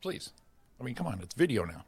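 A man co-hosting a morning show, wisecracking and dropping into quick impressions. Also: mid-range voice, sing-song, a little mellow. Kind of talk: casual joking banter. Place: studio, on video.

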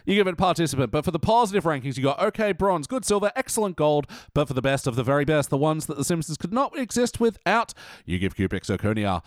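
A man's voice: a little high, sing-song, fast, few pauses, no room sound, studio quality. A man hosting a casual podcast review, laid-back and swearing freely. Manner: laid-back, swearing, runs the ranking segment. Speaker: podcast host.

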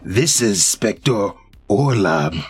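A man's voice: on the low side, expressive, slow pace, slightly rough, full character voice. A man voicing an alien eye-creature guardian that makes stiff, formal pronouncements.

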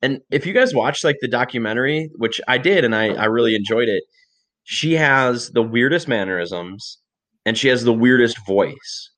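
A man's voice: medium pitch, moderate pace. A young man co-hosting a podcast, telling long rambling stories in casual chat with plenty of swearing. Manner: rambling, profane, animated storytelling. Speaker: podcast co-host.

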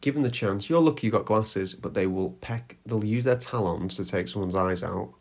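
A man co-hosting a podcast, chatting casually about a book chapter with dry, deadpan replies. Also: lowish voice, normal speed, creaky. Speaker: podcast co-host.

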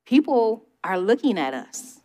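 A woman's voice: fairly high pitch, sing-song, measured pace, dark tone. A middle-aged woman preaching a conversational sermon, emphatic and testifying, talking straight to her listeners. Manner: emphatic, testifying, speaks to the audience directly.

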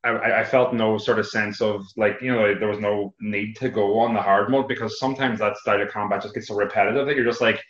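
A man's voice: lowish voice, steady tone, fairly bright tone. A man co-hosting a gaming podcast, chatting casually and poking fun at himself. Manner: self-deprecating, halting restarts. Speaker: podcast co-host. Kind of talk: casual chat. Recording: echoey room, dull lo-fi sound.

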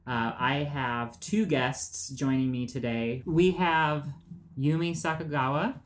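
Casual radio host, loose and filler-heavy. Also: male voice, mid-range voice, fairly even intonation, takes it slowly.

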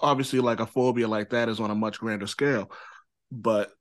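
A man's voice: on the low side, steady tone, fairly quick, no room sound. A man hosting a podcast in casual chat, loose and rambling, often checking in with "you know what I mean.". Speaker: podcast host.

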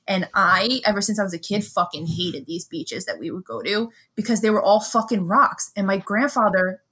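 A young woman from Brooklyn, co-hosting a podcast in casual chat, telling animated, profane stories and mimicking people. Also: mid-range voice, moderate pace. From Brooklyn, New York. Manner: animated storytelling, swears freely, mimics others. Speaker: podcast co-host.

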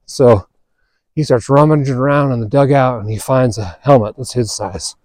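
A man hosting a podcast, telling a story in a relaxed, chatty way and acting out the quoted dialogue. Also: medium pitch, normal speed, no room sound, clean studio sound. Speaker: podcast host. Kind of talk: casual storytelling monologue.

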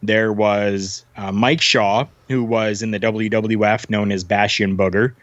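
A man's voice: on the low side, fairly even intonation, measured pace, fairly bright tone, no echo. A man from Canada, a former wrestler, telling a story as a guest in a casual chat, full of fillers and restarts. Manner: rambling, many fillers and restarts. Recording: dull lo-fi sound.

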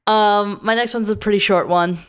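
A woman's voice: mid-range voice, steady tone, moderate pace, smooth. A woman co-hosting a podcast, chatting casually with short, dry reactions. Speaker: podcast co-host. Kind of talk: casual chat.

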